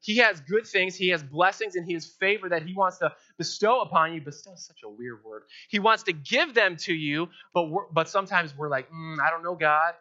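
A young man preaching a sermon as pastor, animated, acting out quoted prayers in playful voices. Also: high-pitched, brisk, few pauses. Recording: dull lo-fi sound.

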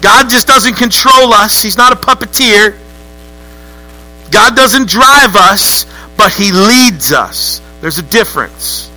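A man preaching a lively, joking sermon to a church congregation. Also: high-pitched, slow pace, faint music behind, poor audio. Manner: lively, joking, acts out voices with rising outbursts. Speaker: pastor.

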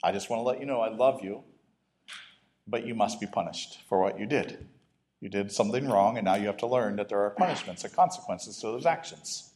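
A man voicing a loving but stern father speaking to his son, calm and quietly firm. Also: lowish voice, fairly quick, pitched below the performer's own voice, close to an everyday voice. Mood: gently stern.

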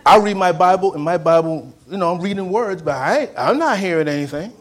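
With a high-set voice, lively intonation, and a brisk pace, a man preaches in a church. He repeats lines, prompts the congregation to respond, and swings between loud eruptions and soft, hushed passages.

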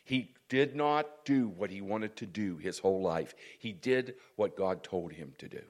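A man preaching a sermon, dropping "praise God" and "amen" between points and rising to loud, emphatic stretches. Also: on the low side, expressive, a little slow.

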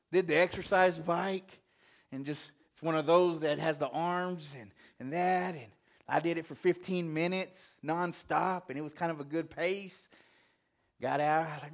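A man's voice: fairly high pitch, unhurried, pauses often. A man preaching a casual, conversational sermon, telling a self-deprecating story with quoted asides. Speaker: pastor.

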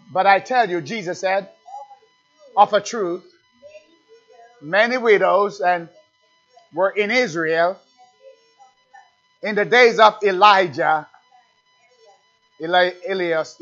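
A man preaching a sermon, calling out questions and answering them in rising refrains. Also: sits high. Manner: call-and-response, building to loud refrains. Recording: dull lo-fi recording with faint music.

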